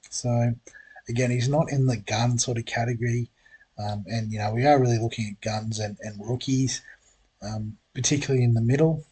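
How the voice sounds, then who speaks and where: Husky man talking fantasy picks. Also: mid-range voice. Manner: relaxed, thinks aloud with many ums and uhs. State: has the hiccups. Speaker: fantasy sports channel host. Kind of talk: casual solo preview talk.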